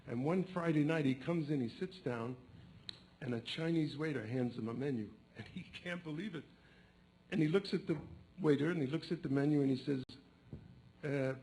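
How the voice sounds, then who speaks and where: A man's voice: fairly high pitch, fairly quick, warm tone, low-quality recording. A man telling jokes, switching into character voices for the punchlines. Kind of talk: joke telling. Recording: faint background noise.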